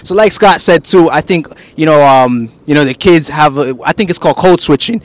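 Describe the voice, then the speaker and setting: A man's voice: fairly high pitch, a little fast. Chatty male interview host. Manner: chatty, lots of "you know" and "if you will". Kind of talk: casual interview talk.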